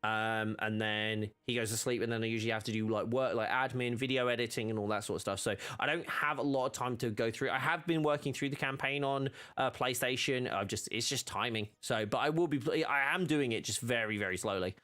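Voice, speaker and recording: A man's voice: medium pitch, brisk, few pauses, fairly bright tone, clear, resonant tone. A young man live-streaming a game, talking casually and rambling with many restarts.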